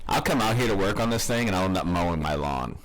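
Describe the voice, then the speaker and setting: Male co-host, low voice that swings around a lot, jokey and profane. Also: lively intonation, fast, a little hiss or hum. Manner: joking, laughs often, profane. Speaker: podcast co-host. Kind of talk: casual chat.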